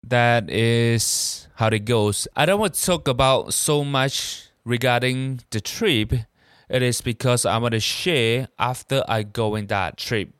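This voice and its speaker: A man hosting his own podcast in a non-native language, talking in a halting, casual way and often stopping to search for words. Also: mid-range voice, a bit bright, smooth, dry recording, clean studio sound. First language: not English. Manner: halting, searches for words, repeats "you know what I'm saying". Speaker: podcast host. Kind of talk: casual solo podcast talk.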